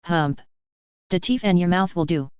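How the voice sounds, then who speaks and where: A woman voicing a boastful male orc bully who threatens in rough slang. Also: fairly low pitch, normal speed, no room sound, muffled recording, natural voice. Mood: menacing.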